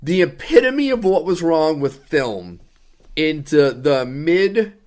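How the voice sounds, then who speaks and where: A man's voice: on the high side, big pitch swings, takes it slowly, darkish tone. A young adult man co-hosting a casual podcast, reviewing a movie in an exasperated, sarcastic rant. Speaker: podcast co-host.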